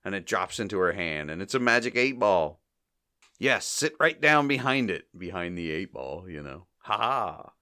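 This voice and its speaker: Man host, animated low voice, bright tone, jumps into goofy character voices mid-recap. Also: moderate pace, clear, resonant tone. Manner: acts out quoted lines in bursts of silly voices, laughs often. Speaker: podcast host. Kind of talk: casual comedy recap.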